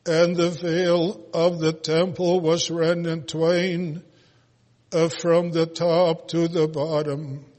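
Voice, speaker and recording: A man reading scripture aloud in a solemn, slow, almost chanted way, with occasional hesitant pauses. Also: a little high, little pitch movement, a little mellow. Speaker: scripture reader. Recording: long hall reverb.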